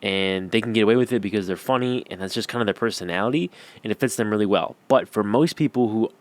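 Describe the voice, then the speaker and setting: Young male YouTube coach, lowish voice, casual filler-heavy delivery to camera. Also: fast talker. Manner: rambling, filler-heavy, slangy. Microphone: camera-facing.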